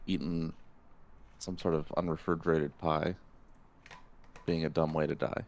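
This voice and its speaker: Deep-voiced man running a tabletop game. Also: measured pace, a little hiss or hum. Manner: relaxed, descriptive narration with fillers. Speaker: game master.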